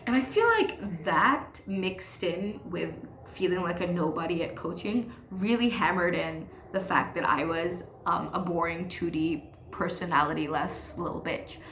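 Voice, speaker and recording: A woman's voice: on the low side, animated, unhurried, few pauses, a bit bright, roomy sound, slight background noise. A teenage girl hosting her own podcast, ranting frankly and self-deprecatingly in casual talk, swearing freely. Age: teens. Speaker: podcast host. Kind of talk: casual confessional rant.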